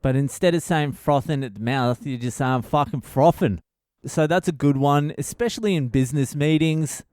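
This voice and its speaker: Crude Australian comic host, swears constantly, clear resonant voice, dry close sound. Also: male voice, fairly high pitch, moderate pace, darkish tone, dry recording. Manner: laughs at his own jokes. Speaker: podcast host, comedian. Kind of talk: casual comedic monologue.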